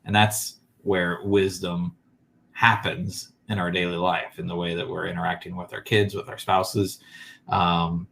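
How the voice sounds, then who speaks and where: A man co-hosting a parenting podcast, talking in an easygoing, halting way and laughing often. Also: low voice, level tone, creaky, a bit bright, slight background noise. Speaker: podcast co-host. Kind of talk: casual parenting chat.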